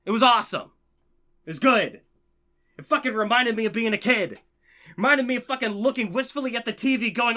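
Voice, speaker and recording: A man ranting passionately on his own channel, heavily profane and swinging between biting sarcasm and loud, excited enthusiasm. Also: extremely high pitch, brisk, long pauses. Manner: profane, heated, swings from sarcasm to shouting joy. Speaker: channel host. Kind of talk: impassioned ranting vlog.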